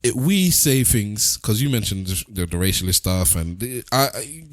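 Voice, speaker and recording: A man with a lisp, hosting a casual podcast chat in a rambling, halting way. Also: lowish voice, lively intonation, no echo, clean studio sound. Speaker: podcast host.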